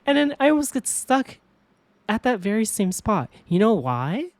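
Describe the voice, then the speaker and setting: A woman streamer chatting casually with viewers, telling stories in an animated way, swearing freely and laughing often. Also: on the high side, moderate pace, no room sound.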